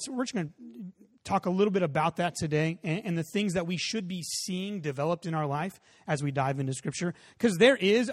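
Pastor guy in his 30s giving a sermon, kinda high voice, chatty, punches up then goes quiet. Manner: conversational preaching, rising emphatic peaks, soft drop-offs.

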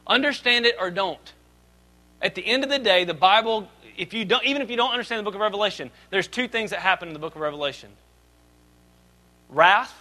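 A man in his thirties preaching a sermon as pastor, swinging between loud emphatic lines and quiet asides. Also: high voice, poor audio.

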